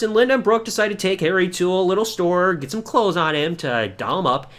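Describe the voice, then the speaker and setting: Animated, swearing male podcast host. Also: high voice. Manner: profane, rambling storytelling with quick mimicked voices. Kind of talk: casual episode recap.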